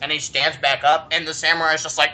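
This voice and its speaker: A man co-hosting a podcast in casual chat, telling stories in a chatty, animated way. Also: fairly high pitch, fast. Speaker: podcast co-host.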